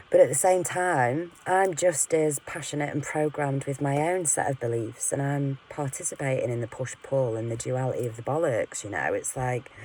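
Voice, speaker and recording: A woman's voice: rumbling low, a little mellow, a little hiss or hum, rough recording. A woman venting in a candid, rambling monologue to her camera, frank and full of swearing, often laughing at herself. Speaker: vlogger.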